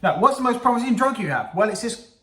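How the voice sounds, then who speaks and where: A man's voice: extremely high pitch, animated, fast talker, fairly bright tone, pitched above the performer's own voice. A man doing a clumsy impression of an impatient older male president, shifting from a mock posh voice to a put-on Texan twang. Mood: demanding. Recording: echoey room.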